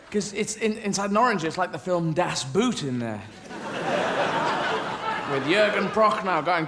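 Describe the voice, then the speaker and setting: A male stand-up comedian rambles through absurd tangents with a high voice, swearing freely and dropping into silly voices. He performs live on stage, with loud background noise throughout. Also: expressive, a little fast.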